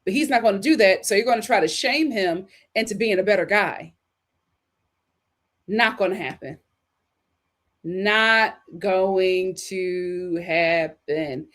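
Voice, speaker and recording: A woman's voice: medium pitch, moderate pace, pauses often, a bit bright, husky. A woman hosting a livestream, reading viewer comments and giving sassy, emphatic opinions on relationships. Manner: sassy, emphatic, repeats punchlines. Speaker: host.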